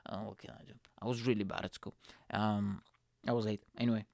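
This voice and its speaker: A man's voice: on the low side, little pitch movement, a little fast, gravelly, darkish tone, no echo, clean studio sound. A male comedian hosting his own podcast, telling a rambling, profane, self-mocking story in a casual monologue.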